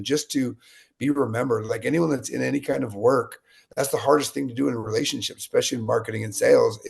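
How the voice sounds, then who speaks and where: A man with a gravelly, fry-edged voice of middle pitch tells stories as an interview guest. He talks with energy and jumps into the voices of the people in his anecdotes. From United States. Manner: energetic, animated storyteller acting out quotes. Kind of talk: interview storytelling.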